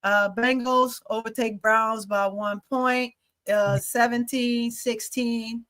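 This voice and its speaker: A woman's voice: fairly high pitch, fairly even intonation, slow pace, a bit bright. A woman co-hosting a casual sports talk show, reading scores and teasing her co-host with frequent laughter. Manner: playful, teasing, laughs often.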